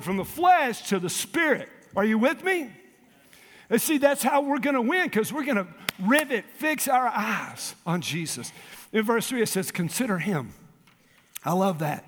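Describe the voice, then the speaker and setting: A man pastor preaching a sermon with call and response, dropping to quiet asides and rising to shouts. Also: very high-pitched, in a large hall.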